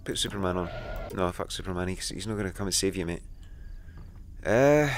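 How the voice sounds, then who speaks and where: A man's voice: low voice, expressive, a little fast. A man giving let's play commentary on a horror game, jumpy and swearing as he talks to himself. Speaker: gamer.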